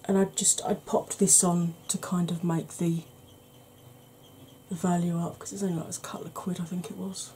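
A woman's voice: on the low side, little pitch movement, normal speed, mellow, slight background noise. A woman hosting a makeup channel, chatting casually through a tutorial with rambling, self-deprecating asides.

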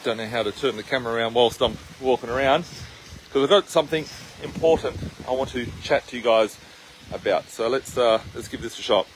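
A man's voice: medium pitch, brisk, slight background noise, low-quality recording. A man with an Australian accent, talking casually to a handheld camera while he walks outdoors, rambling with lots of fillers and restarts. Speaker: investment channel host. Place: outdoors on his farm, walking.

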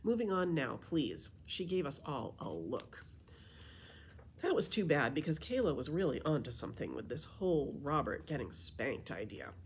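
A woman librarian reading a children's chapter book aloud in an expressive storytelling voice. Her pitch is low, yet it swings widely as she brings the story to life. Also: normal speed, a little hiss or hum.

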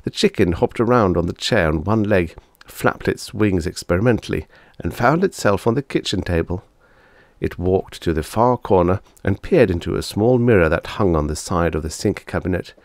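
Guy reading an old sci-fi story, lowish voice, lots of ups and downs, dry close sound. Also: animated, moderate pace, no room sound. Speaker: audiobook reader. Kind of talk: scripted narration of vintage science fiction.

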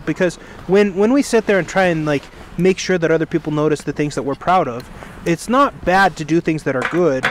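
Man, slightly high voice, casual religious chat, rambling storyteller, outdoors, faint traffic noise. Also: brisk. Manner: rambling, self-correcting storyteller. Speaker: podcast co-host. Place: outdoors by a fire.

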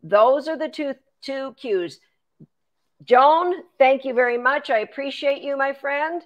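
A woman's voice: high voice, takes it slowly. A woman, a dog trainer, chatting through a live Q&A, explaining training steps and thanking viewers by name. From Canada. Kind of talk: live-stream Q&A.

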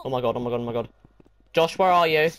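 A man's voice: medium pitch, fast, fairly bright tone. A young male gaming host commentating a horror game with friends, jumpy, laughing and yelping at scares. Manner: jumpy, yelps and screams, laughs a lot.

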